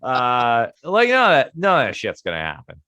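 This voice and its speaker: A man co-hosting a podcast, joking around, laughing and swearing in relaxed chat. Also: medium pitch, moderate pace, smooth, highs cut off. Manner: joking, profane, laughs often. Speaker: podcast co-host.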